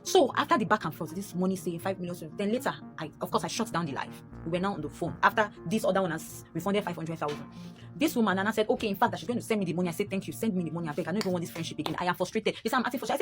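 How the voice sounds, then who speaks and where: Nigerian woman telling her story real fast, low-ish voice, gets loud and high when upset, music in the back. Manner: animated, rising sharply when upset, repeating lines. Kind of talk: emotional personal storytelling.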